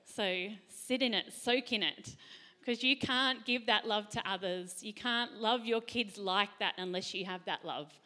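A middle-aged woman hosting a faith talk panel, chatty and quick to laugh. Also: medium pitch, bright, forceful tone. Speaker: host.

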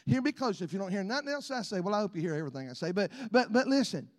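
A middle-aged man preaches in a notably high voice, spinning folksy stories and calling out amens. His words ring with long reverb through a large church. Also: very animated, racing. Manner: folksy storytelling with frequent amens and laughs. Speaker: pastor. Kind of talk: sermon.

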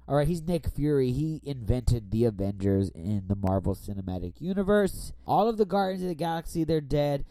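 A man's voice: mid-range voice, very animated, moderate pace, few pauses, dark tone, no echo. A man hosting a podcast while tipsy, talking in a rambling, profane, casual way. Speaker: podcast host. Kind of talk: casual chat. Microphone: borrowed studio microphone.

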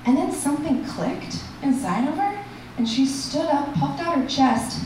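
A woman performing a stand-up comedy set and hosting the show, animated and shouting her punchlines in high bursts. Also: measured pace, recorded from a distance, a little hiss or hum. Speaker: stand-up comic and festival host. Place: comedy club stage. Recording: echoey room picked up from afar.

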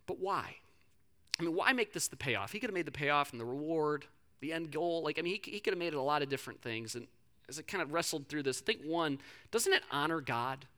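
A male pastor preaching to a live congregation, retelling a story with animated, chatty energy and frequent stumbling repeats. His voice sits high for a man and rings very bright and sharp. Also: brisk. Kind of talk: sermon.

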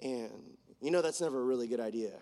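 A man who leads worship, preaching a sermon in an earnest way that swings between fervent declarations and hushed storytelling. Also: mid-range voice, quick pace, long reverb tail. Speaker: worship leader. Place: church.

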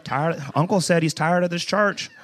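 There's some chatter in the background as a male pastor, his voice fairly high and his pace normal, gives a joking, conversational sermon to a church congregation that builds into emphatic shouts.

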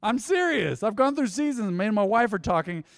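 Casual preaching man, slightly high voice. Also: sing-song, brisk, gravelly, big-room sound. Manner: conversational preaching with rhetorical questions and asides. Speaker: pastor. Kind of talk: sermon. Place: church sanctuary.

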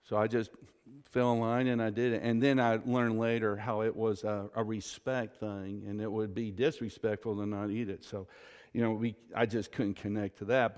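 A man preaching a sermon as pastor, telling stories with emphatic, drawn-out stresses and saying "y'all". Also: fairly low pitch, a little mellow, big-room sound. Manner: Southern "y'all".

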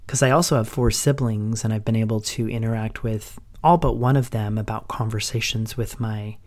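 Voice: medium pitch, steady tone, moderate pace, a little mellow. Middle-aged podcast host, openly emotional. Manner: open and emotional, long run-on sentences linked with "and". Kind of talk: reflective personal monologue.

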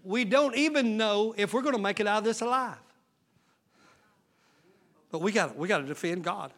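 A male pastor preaching a sermon, swelling into loud shouted passages. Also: sits high, expressive, moderate pace, long pauses. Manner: preaching with sudden shouted surges and folksy Southern-style talk.

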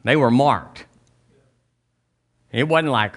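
A man preaching a sermon as pastor, telling folksy stories and acting out quotes in sudden high voices. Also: animated, normal speed, a bit bright. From Southern US.

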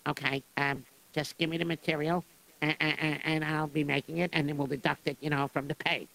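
A meek, poor shoemaker stammering through his words, as a man acts him out. His gravelly voice sounds bright and edgy. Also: on the high side, level tone, a little fast. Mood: flustered. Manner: stammering, hesitant.

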